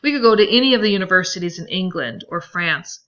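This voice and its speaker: A poised, calm gentleman read by a woman in her own voice, measured and steady. The tone is bright, and the recording a bit dull and lo-fi. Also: on the low side. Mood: composed. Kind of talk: reading a novel aloud with voices.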